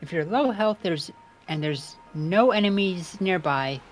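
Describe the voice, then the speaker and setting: A woman's voice: fairly low pitch, lively intonation, unhurried, faint music behind. A young woman streamer chatting while she plays a game, rambling and reading the on-screen text aloud. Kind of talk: casual gameplay commentary.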